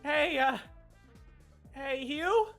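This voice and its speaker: A woman's voice: high voice, lively intonation, extremely slow, a bit bright, soft background music, voice pushed up, full character voice. A man voicing a timid young woman courier who hesitates and fills her speech with ums and you-knows. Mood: hesitant.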